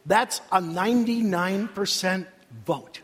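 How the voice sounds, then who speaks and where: Husky older pastor preaching in a hall. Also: male voice, sits high. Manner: dramatic preaching with long pauses and sudden rises. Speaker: senior pastor. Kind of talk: sermon. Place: church sanctuary. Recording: reverberant church hall.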